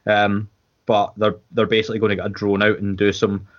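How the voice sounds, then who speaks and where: A Scottish man with a lowish voice chats casually as a podcast co-host, rambling along with restarts and plenty of fillers. The audio is a little dull and lo-fi. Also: little pitch movement, a little fast. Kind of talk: casual watchalong chat.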